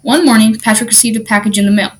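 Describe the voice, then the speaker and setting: A woman reading a children's storybook aloud in an animated, expressive way. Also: a little high, fast.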